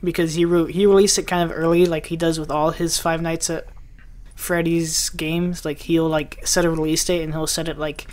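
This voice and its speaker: A woman with a fairly low voice joins a casual gaming chat. She starts her sentences haltingly, repeating words before getting going. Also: flat delivery, darkish tone. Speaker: podcast co-host. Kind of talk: casual chat about video games.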